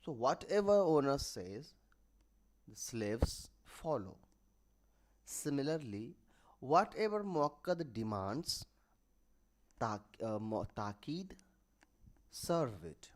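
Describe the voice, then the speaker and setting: A man teaching a grammar lesson online, explaining terms step by step and often pausing to correct himself. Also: medium pitch, big pitch swings. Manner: halting, with restarts and self-corrections; writes examples while explaining.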